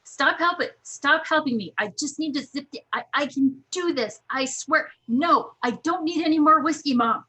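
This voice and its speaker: Woman playing flustered tipsy young woman, higher and louder, pleading. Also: moderate pace, few pauses. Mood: exasperated. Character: tipsy young woman fending off her mother.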